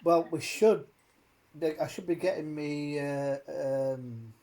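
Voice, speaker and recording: A man's voice: on the high side, slow pace, warm tone. A man hosting a casual chat, rambling and swearing as he rants with many fillers. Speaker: host.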